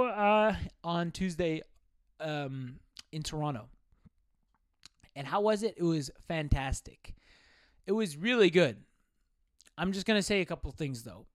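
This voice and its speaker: High-voiced young man rambling on a podcast. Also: measured pace, pauses often, dry recording, studio quality. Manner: rambling, profane, animated storytelling. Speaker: podcast host. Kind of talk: casual solo podcast monologue.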